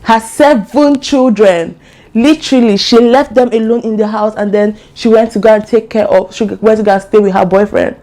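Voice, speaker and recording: A young woman vlogger with an African accent casually tells a true crime story, chatty and animated with asides, in a voice on the high side at a moderate pace.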